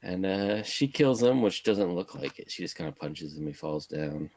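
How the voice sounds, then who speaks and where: A man co-hosting a casual movie podcast, recapping the plot in a laid-back, halting way with lots of uh and restarts. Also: sits low, expressive, darkish tone. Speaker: podcast co-host.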